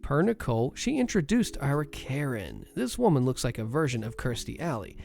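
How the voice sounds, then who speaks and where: Gravelly-voiced man telling a story. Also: medium pitch, normal speed. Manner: steady first-person retelling. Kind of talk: storytelling narration.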